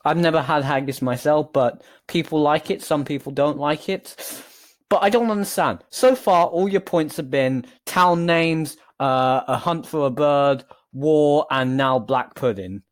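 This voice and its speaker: A man's voice: on the high side, a little slow. A man hosting a reaction video, answering clips with exasperated, incredulous rebuttals. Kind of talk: reaction commentary.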